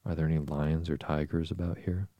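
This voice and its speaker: A man's voice: rumbling low, little pitch movement, fairly quick, warm tone, dry recording. A man voicing a polite, earnest little girl in an audiobook, prim and easily indignant. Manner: prim, indignant, then timid. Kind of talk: audiobook character reading.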